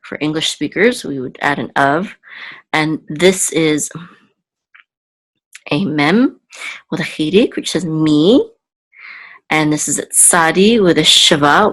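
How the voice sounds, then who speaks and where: A woman's voice: deep voice, fairly bright tone, poor audio. A woman hosting a Hebrew reading lesson, patiently sounding out words syllable by syllable. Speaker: Hebrew teacher. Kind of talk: slow step-by-step reading lesson.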